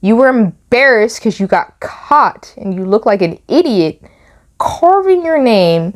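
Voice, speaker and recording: Young female commentator, animated and incredulous, casual vlog delivery. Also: a little high, unhurried. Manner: animated, exasperated, repeats phrases for emphasis. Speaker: YouTube commentator and author.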